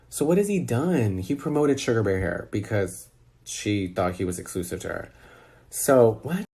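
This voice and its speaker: A man's voice: mid-range voice, lively intonation, moderate pace, mellow, husky. A man giving sassy, exasperated commentary in a casual reaction chat over a video call.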